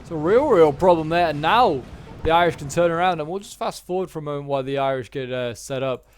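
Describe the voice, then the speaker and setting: A man's voice: a little high, fast, a little hiss or hum. Chatty man calling a game battle. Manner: chatty play-by-play, wry asides. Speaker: gameplay commentator. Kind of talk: strategy game battle commentary.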